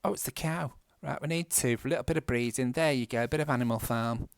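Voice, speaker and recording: A man with a Manchester accent talks casually while he plays, wandering off on asides and laughing at himself. His voice sits at a middling pitch. The sound is dry and close, with little room around it. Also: fast talker, gravelly, dry recording. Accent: Mancunian English. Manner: chatty, self-mocking, laughs often, rambling asides. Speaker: gaming vlogger. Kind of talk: casual rambling chat while playing a game. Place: indoors at home.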